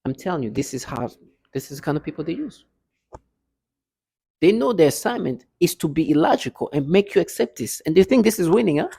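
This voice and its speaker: A man's voice: fairly high pitch, sing-song, brisk, vocal fry, warm tone, a little hiss or hum, rough recording. A man talking to his viewers in a casual monologue, insistent, often repeating words and restarting. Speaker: vlogger addressing his viewers. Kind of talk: casual spoken monologue to camera.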